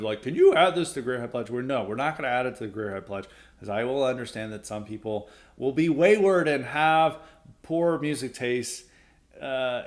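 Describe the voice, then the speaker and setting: Opinionated male podcast host with lively pitch. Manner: opinionated and sarcastic, laughs often. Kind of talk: solo opinion podcast monologue.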